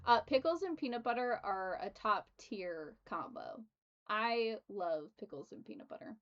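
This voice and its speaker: A woman's voice: mid-range voice, expressive, moderate pace, muffled recording. A woman hosting a tabletop game stream, chatting casually and giggling often. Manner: giggly, laughs often between words. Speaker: streamer and host.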